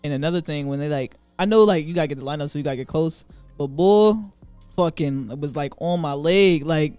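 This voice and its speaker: A man on a podcast cracking up while griping about barbers in an excitable casual way. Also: fairly high pitch, a little fast, smooth, dry recording, soft background music.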